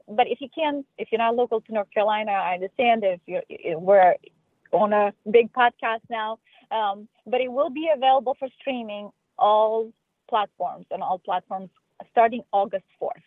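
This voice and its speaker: A woman's voice: fairly high pitch, no echo. A woman speaking as a film guest on a radio interview, earnest and full of restarts. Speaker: filmmaker guest. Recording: tinny phone line.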